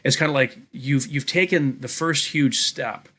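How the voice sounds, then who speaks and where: A man of middle pitch with a bright, forceful tone, speaking in a casual Bible study. He reads scripture aloud and then talks it through in simple terms. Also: measured pace. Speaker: podcast co-host.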